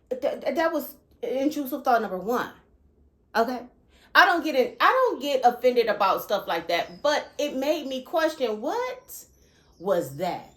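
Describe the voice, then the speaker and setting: Earnest woman vlogging, punctuating with "okay?". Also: a little high. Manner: repeats "okay?" often to check in with listeners; animated and emphatic when recounting disturbing thoughts. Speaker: channel host. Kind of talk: earnest spiritual vlog talk.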